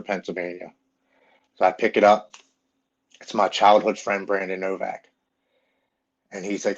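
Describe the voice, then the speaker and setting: Middle-aged man, low flat voice. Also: normal speed, pauses often. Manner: frank and blunt, with profanity. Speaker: guest. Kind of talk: personal storytelling in a podcast interview. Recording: dull lo-fi recording.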